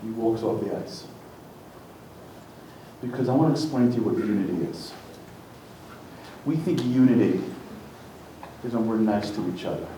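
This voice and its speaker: A man's voice: dark tone, a little hiss or hum. A man tells a story to a live audience in a reverberant synagogue hall, and the room echoes back around him. His voice sits in a middle register and climbs sharply when he presses a point. A faint murmur of the room stays underneath. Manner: dramatic storyteller who climbs to high, emphatic peaks. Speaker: motivational speaker.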